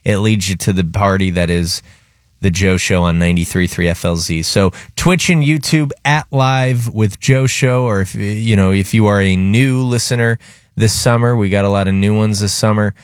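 A man's voice: fairly low pitch, normal speed, smooth, dry recording. A man hosting a radio show, telling a rambling, casual story with lots of fillers in a studio. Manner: chatty, rambling anecdotes with many fillers.

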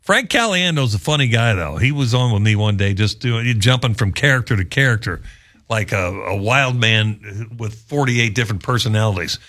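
A male sports radio host chatting in a lively, amused way. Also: on the low side, moderate pace. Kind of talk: casual talk show commentary.

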